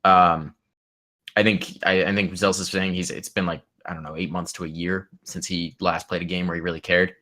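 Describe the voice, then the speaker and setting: A man's voice: sits low, flat delivery, moderate pace, bright, forceful tone. A man co-hosting a gaming podcast in casual chat, loose and rambling, often trailing off and restarting. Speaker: podcast co-host.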